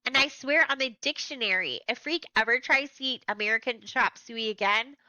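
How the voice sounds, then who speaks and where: A woman's voice: on the high side, normal speed, bright, forceful tone, no room sound, rough recording. A woman reading a first-person novel aloud in a plain, conversational storytelling manner. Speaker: audiobook reader.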